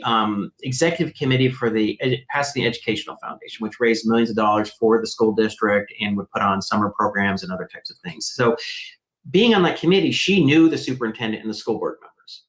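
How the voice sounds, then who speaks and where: Male interview guest, mid-pitched, animated storyteller, roomy echo. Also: fairly quick. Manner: animated, acts out quoted voices. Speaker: guest, math program founder. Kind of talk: conversational storytelling.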